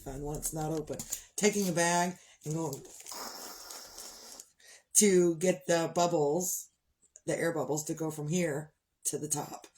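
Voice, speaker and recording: A woman's voice: low voice, a little slow, pauses often, darkish tone, a little hiss or hum. A middle-aged woman chatting casually on a livestream, tired, rambling and sighing as she talks. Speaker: livestream host. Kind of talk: casual chat.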